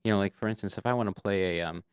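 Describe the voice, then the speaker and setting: A man's voice: lowish voice, rapid-fire, clear, resonant tone, no room sound, studio quality. A man and game master, a guest giving casual tabletop roleplay advice and showing voices as he goes. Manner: animated, demonstrates voices.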